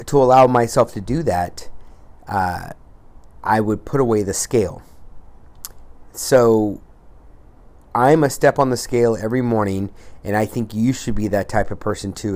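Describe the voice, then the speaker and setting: A man's voice: on the low side, a little mellow. A man hosting a weight-loss podcast, talking bluntly with tough love and casual swearing. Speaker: podcast host.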